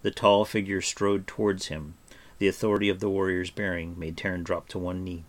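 A man narrating a storybook with an expressive reading. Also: low voice, normal speed.

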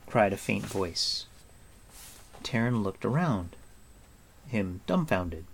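A man narrating a fantasy novel aloud in an expressive storytelling manner. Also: lowish voice, a little slow, gravelly. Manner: expressive storyteller, acts out sounds and moods. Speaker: audiobook narrator.

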